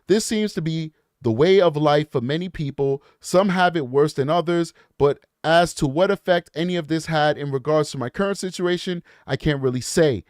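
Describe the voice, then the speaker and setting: A man's voice: a little high, moderate pace, hardly any pauses, a little mellow, dry recording, clean studio sound. Blunt, scornful true crime commentator, a man. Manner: blunt, emphatic, scornful asides; talks straight to his viewers. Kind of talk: reading emails aloud with commentary.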